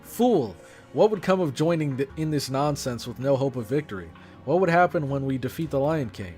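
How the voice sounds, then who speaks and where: A man voicing a proud, arrogant pharaoh king while reading game dialogue aloud, speaking in a haughty, cold, deliberate way. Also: mid-range voice, animated, darkish tone, faint music behind, close to an everyday voice.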